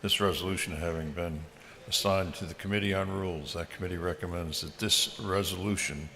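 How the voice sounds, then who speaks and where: A man serving as a clerk, reading a resolution's caption in a brisk, monotone procedural way. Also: low voice, a little hiss or hum. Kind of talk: rapid formal reading. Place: large legislative chamber.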